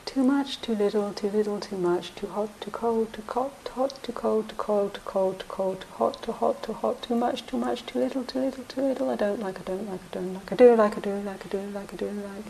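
A woman's voice: medium pitch, fairly quick, creaky, few pauses, warm tone, a little hiss or hum, voice pushed up, close to an everyday voice, rough recording. A woman murmuring as an old Indian saint. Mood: muttering. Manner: singsong repetitive murmuring. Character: old male Indian saint muttering to himself.

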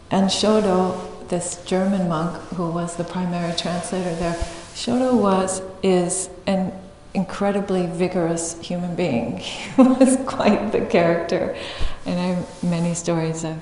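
Slow, low-voiced woman telling a dharma story. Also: a little mellow, slight background noise. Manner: unhurried, reflective, laughs often. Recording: echoey hall with faint ambience.

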